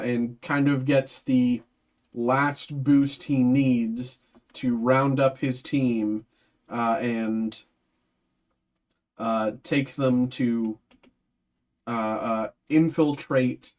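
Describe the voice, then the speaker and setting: A man's voice: medium pitch, a little mellow. A man hosting a livestream, thinking aloud in casual chat, hesitant and full of ums and restarts. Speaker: card break host.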